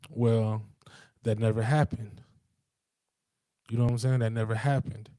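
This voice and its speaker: A man's voice: medium pitch, steady tone, moderate pace, pauses often, darkish tone, dry recording, studio quality. A man talking casually in a rambling, emphatic monologue, full of street slang and profanity. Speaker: podcast host.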